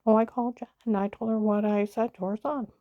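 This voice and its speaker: A woman's voice: mid-range voice, steady tone, a little fast, lo-fi sound. A woman telling a long personal story in a heated, repetitive way, swearing bluntly and often repeating "I said.". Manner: heated, repetitive retelling with frequent "I said". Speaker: vlogger.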